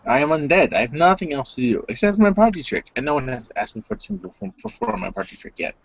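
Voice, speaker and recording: A man voicing an old undead male vampire, a creepy foreign gentleman, speaking in a theatrical, sardonic way with broken grammar in a tabletop role-play. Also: a little high, big pitch swings, fast, creaky, breathy edge, full character voice. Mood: deadpan. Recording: dull lo-fi recording.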